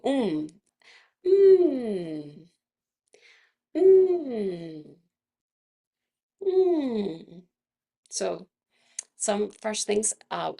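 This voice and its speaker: A woman leading a casual live online movement class, chatty and gentle, laughing often, her voice a little froggy from vocal fatigue. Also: mid-range voice, gravelly.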